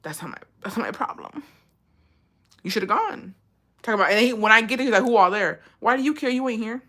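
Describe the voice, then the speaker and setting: A woman's voice: on the high side, fast talker. Blunt, profane woman. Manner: blunt, profane, animated storytelling. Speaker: vlogger giving advice. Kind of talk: casual advice chat.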